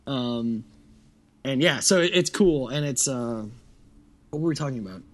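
A man's voice: mid-range voice, lively intonation, moderate pace. A man co-hosting a casual podcast, talking with enthusiasm, swearing casually and humming tunes to make his point. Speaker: podcast co-host. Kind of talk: casual chat.

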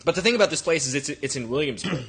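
Man, podcast co-host, bright husky voice, rambling swearing storyteller. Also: fairly high pitch, lively intonation, fast. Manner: rambling, profane anecdote-telling.

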